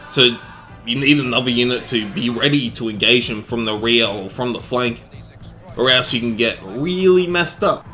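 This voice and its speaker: A man giving energetic, joking gameplay commentary, full of swearing and bursts of excitement. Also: mid-range voice. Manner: energetic, jokey, profane. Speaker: game commentator. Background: faint background music.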